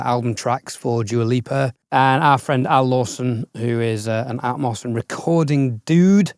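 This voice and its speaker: A man's voice: medium pitch, smooth, dry recording. Guy on a podcast, mid voice, dry teasing, super dry mic. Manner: dry, teasing asides, then steady explaining. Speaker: podcast co-host. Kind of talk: casual podcast chat.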